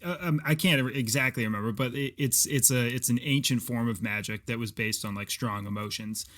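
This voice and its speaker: A man's voice: mid-range voice, fairly quick, a bit bright. A man co-hosting a casual movie podcast, ranting and swearing often as he picks apart a film. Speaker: podcast co-host. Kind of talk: casual movie review chat.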